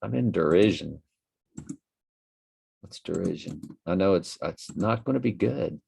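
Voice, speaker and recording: A man's voice: sits low, animated, a little slow, gravelly, dark tone, breathy edge. A tired man hosting a casual livestream, reading out viewer comments in a rambling, musing way with many fillers.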